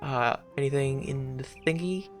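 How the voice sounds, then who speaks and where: A man rambling through casual let's-play commentary as a gaming YouTuber, with sudden loud outbursts and swearing. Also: mid-range voice, measured pace, soft background music.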